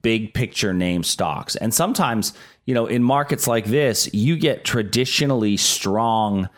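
A man's voice: on the low side, lively intonation, a little slow. A middle-aged man co-hosting a casual talk show, explaining stock market trends with frequent restarts. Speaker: market analyst co-host.

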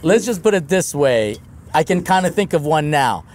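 A man with a high, very lively voice telling animated anecdotes outdoors. He laughs often and imitates the people in his stories. Faint open-air ambience sits behind him. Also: moderate pace, a little hiss or hum. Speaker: priest, co-host. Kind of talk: storytelling at a live Q&A. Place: outdoors on a river cruise ship deck.

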